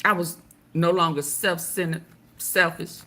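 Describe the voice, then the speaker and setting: A woman's voice: on the low side, steady tone, measured pace, pushed and bright. A middle-aged woman hosting casual reaction commentary, emphatic and preachy, swearing freely. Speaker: commentary channel host.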